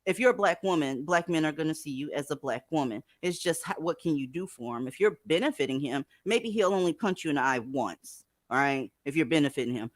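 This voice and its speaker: A woman hosting a casual panel chat, blunt and profane, talking with animated force. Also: deep voice, fairly quick, few pauses, no room sound, clean studio sound. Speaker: host.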